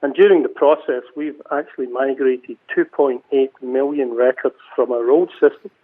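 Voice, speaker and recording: A Scottish cemetery CEO joins a casual radio interview as a phone guest, chatting with frequent restarts. His mid-range voice keeps a fairly even intonation at a moderate pace, heard over a phone line.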